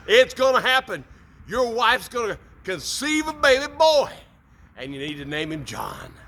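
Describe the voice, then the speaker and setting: Man as an angel messenger, assuring, bright high voice. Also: sing-song, a little slow, a little hiss or hum, exaggerated voice. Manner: assuring, announcing. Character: reassuring male angel messenger.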